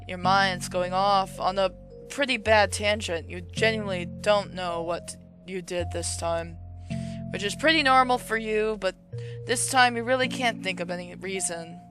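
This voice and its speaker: A woman's voice: mid-range voice, pushed and bright. A woman playing a story game who reads its narration aloud and drops blunt, swearing, muttered asides. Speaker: game player. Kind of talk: casual gameplay commentary and reading narration.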